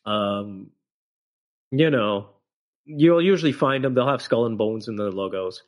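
A man's voice: lowish voice, a little slow. A man co-hosting a podcast, ranting with emphatic, profane opinions and frequent filler words. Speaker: podcast co-host. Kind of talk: casual podcast chat.

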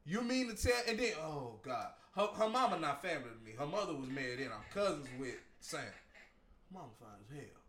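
A man telling a story in casual, profane chat, loud and animated, breaking into laughter. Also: a little high, a little fast. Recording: roomy echo.

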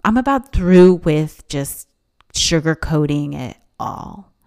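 Female podcast host, solo and casual, emphatic, swings her pitch widely. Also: takes it slowly, clear, resonant tone. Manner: emphatic, animated, acts out quoted voices.

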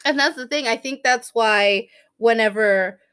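A young woman co-hosts a casual podcast, telling animated stories with frequent laughs. Her voice sits a bit high for a woman. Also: measured pace, clear, resonant tone. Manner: animated storyteller, laughs often. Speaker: podcast co-host. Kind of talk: casual chat.

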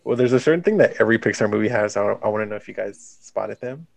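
A man's voice: lowish voice, fast talker, vocal fry, dry recording. A man hosting a casual chat about a film, talking loosely with lots of fillers. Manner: chatty, leans on "like". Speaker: podcast host.

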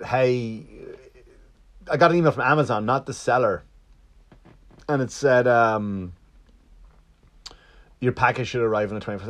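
A man telling a long story in a casual, rambling monologue. He swears freely, restarts often and acts out the other side's lines. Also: medium pitch. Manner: rambling and profane, with many restarts.

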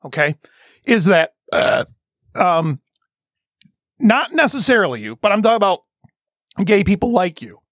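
A man's voice: big pitch swings, unhurried, long pauses, a bit bright, no echo. A man hosting a crude hot-talk radio show, brash and mocking, close and dry on the mic. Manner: brash, mocking, mimics others in high voices. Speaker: host.

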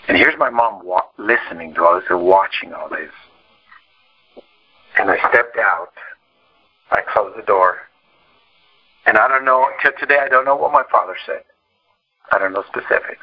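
Husky man preaching a testimony. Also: on the low side. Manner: emotional storytelling, halting restarts. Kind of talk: testimony sermon. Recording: distant, dull lo-fi sound.

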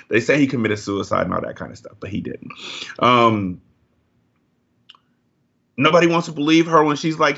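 A man's voice: medium pitch, vocal fry, fairly bright tone, breathy edge. Man, heated movie rant, swears a lot, dull lo-fi sound. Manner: profane, heated ranting. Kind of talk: casual movie review chat.

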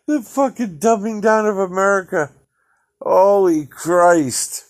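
A man's voice: high voice, slow pace. Profane, exasperated male podcast ranter. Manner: profane, exasperated, laughing ranting. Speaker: podcast host. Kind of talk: ranting solo podcast commentary.

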